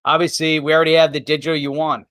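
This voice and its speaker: A man's voice: a little high, flat delivery, fast, a bit bright, no echo, clean studio sound. A man co-hosting a live crypto talk show in casual chat, laughing often as he talks.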